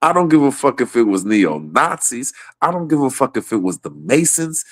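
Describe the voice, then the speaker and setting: A man's voice: medium pitch, big pitch swings, normal speed, no room sound. A man ranting casually about politics, swearing a lot and laughing often between points. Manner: profane, rambling, laughs often.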